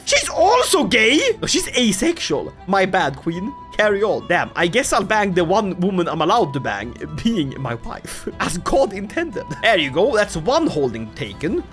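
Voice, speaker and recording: A woman hosting comedic gameplay commentary, jokey and excitable, laughing often and swinging between shouts and mutters. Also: mid-range voice. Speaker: gaming video host.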